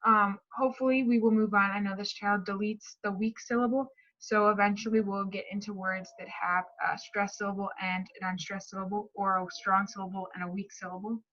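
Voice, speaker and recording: A woman's voice: medium pitch, steady tone, fairly quick, few pauses, a bit bright, highs cut off. A woman explaining a speech therapy lesson plan, reading from a script with small slips and fillers. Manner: reads a prepared script with restarts and fillers.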